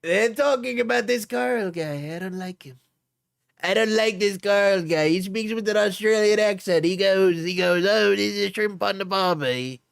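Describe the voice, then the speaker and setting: A man doing an impression of a brash, blustering older politician, grumbling in short, repetitive complaints with a hoarse voice. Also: high voice, normal speed, no room sound, clean studio sound, voice pushed up.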